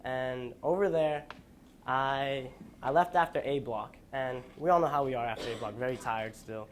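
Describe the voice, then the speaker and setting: A young man giving a school presentation, telling a personal story in an earnest, halting way with restarts, sounding tired. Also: mid-range voice, a little hiss or hum. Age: young adult. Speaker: student presenter.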